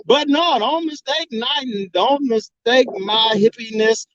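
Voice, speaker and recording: A man hosting a casual livestream, reading comments and rambling in an animated, profane and laughing manner. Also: extremely high pitch, slow pace, no room sound. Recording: dull lo-fi dry sound.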